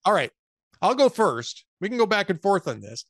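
Male host, casual political chat, wry joker, animated delivery, close dry sound. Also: sits high, moderate pace, no room sound. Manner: wry, telling jokes. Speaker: podcast host.

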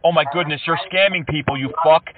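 A man's voice: on the high side, fast talker. A man with a New Zealand accent making prank phone calls, taunting and mocking the people he reaches and laughing often. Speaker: prank caller. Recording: distant, phone-like sound.

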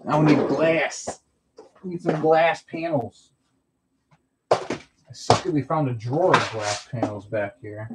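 While he builds at home, this livestream host rambles casually through replies to the chat. He speaks in a mid-range voice at a measured pace with long pauses, over noisy home audio.

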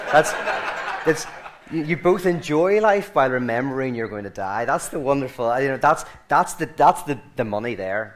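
Irish man, guest speaker, casual and digressive, restarts a lot, humor-laced storytelling. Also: mid-range voice. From Ireland. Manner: rambling, self-correcting, joking. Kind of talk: informal talk to a group.

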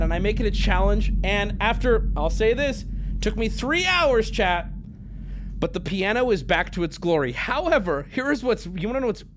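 High, animated male streamer ranting. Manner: animated, profane, self-mocking rant. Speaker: livestreamer. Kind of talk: casual storytelling to chat.

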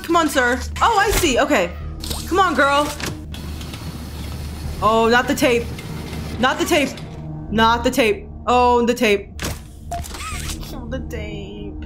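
A young woman streaming a horror game, panicky, repeating herself and swearing a lot. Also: high voice. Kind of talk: live game commentary. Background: game music.

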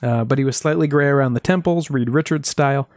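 A man's voice: mid-range voice, fast talker, a little mellow, no echo. A man co-hosting a podcast, telling a mystery case with dry jokes in casual chat. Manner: dry, joking storyteller. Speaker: podcast co-host.

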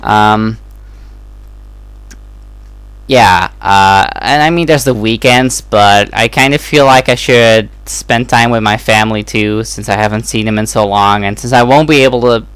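A man's voice: lowish voice, normal speed, few pauses, fairly bright tone, clean tone, no room sound. A young man from the Netherlands giving a casual, hesitant update to his channel, with many ums and restarts. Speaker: YouTube let's-play creator.

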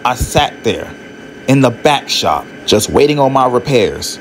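A man's voice: medium pitch, very animated, unhurried, fairly bright tone, slight background noise. A man voicing a sullen, resentful male train engine who grunts and grumbles. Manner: gruff, grumbling.

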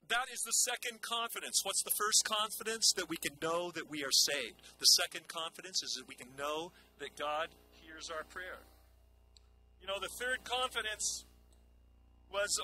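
A man's voice: on the high side, sharp tone, a little hiss or hum, rough recording. A man pastor preaching a conversational sermon, repeating phrases for emphasis.

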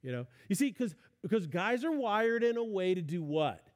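High-voiced man preaching conversationally. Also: sing-song, moderate pace. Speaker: pastor. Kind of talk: sermon.

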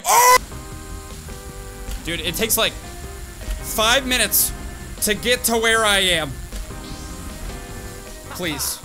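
A man's voice: on the high side, poor audio. A young man hosting a gaming channel, talking to himself through his gameplay in casual commentary, swinging between groans and cheers. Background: game music.

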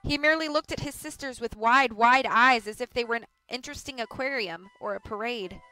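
A woman reads a novel aloud on a livestream, with clear and measured storytelling. Her voice is bright and forceful, sitting a little high for a woman. Her pace is even and steady. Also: no echo, faint music behind, low-quality recording. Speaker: audiobook reader.

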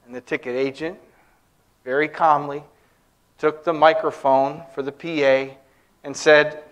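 A man's voice: medium pitch, little pitch movement, unhurried, a bit bright. A man preaching a sermon in church, telling stories and humorous anecdotes.

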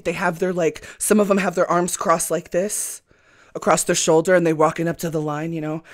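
A podcast co-host telling a story in casual chat, acting out quotes and laughing often. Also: mid-range voice.

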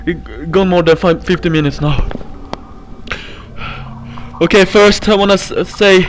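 Panicky high-voiced young man screaming. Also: measured pace, a little hiss or hum. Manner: panicky, swears and screams often. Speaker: gaming YouTuber. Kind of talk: horror game playthrough commentary.

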